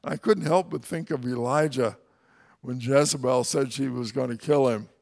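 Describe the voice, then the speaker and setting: A man's voice: medium pitch, moderate pace, vocal fry, darkish tone. A man teaching through a Bible passage in a conversational way, with wry, folksy asides.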